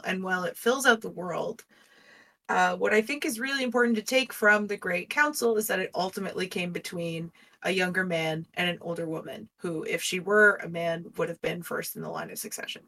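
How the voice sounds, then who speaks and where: A woman co-hosting a podcast, chatting in a relaxed, thoughtful way and laughing easily. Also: lowish voice, recorded from a distance. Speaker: podcast co-host. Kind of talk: casual podcast chat.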